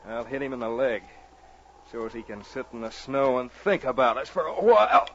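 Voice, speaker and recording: An actor playing a vengeful outlaw musher with rough backwoods talk in an old radio drama. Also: male voice, mid-range voice, animated, a little fast, close to an everyday voice. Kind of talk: 1950s radio drama acting. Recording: dull old radio broadcast with hiss.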